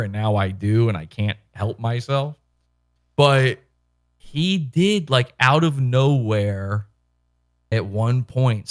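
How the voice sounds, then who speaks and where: A man hosting a podcast, chatting in a rambling, animated way and swearing casually into a microphone. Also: fairly low pitch. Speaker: podcast host. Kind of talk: casual commentary chat. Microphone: microphone with headphones.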